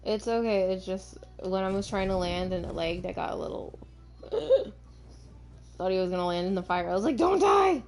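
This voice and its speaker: A woman streaming a dinosaur survival game, chatting excitedly and talking to her viewers. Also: fairly low pitch, moderate pace, pauses often. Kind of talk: casual gameplay chat.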